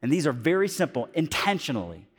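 A male pastor giving a sermon, telling stories in an animated way with lots of fillers, moving between loud and hushed. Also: on the high side, quick pace, husky. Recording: long hall reverb.

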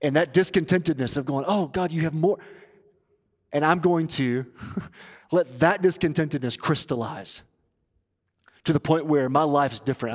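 Man preaching in a big echoey church, kinda high voice, fervent then quiet and intense. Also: normal speed, pauses often. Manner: impassioned, swings between loud urging and hushed intensity. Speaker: pastor. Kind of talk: sermon. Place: church auditorium. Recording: long reverb of a large hall.

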